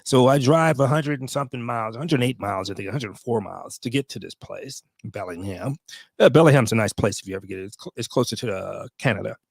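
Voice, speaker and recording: A man's voice: medium pitch, fast talker, gravelly, husky, dry recording. A man in his fifties, a veteran vlogger, tells a story to his viewers in a blunt, profane way, with emotional asides.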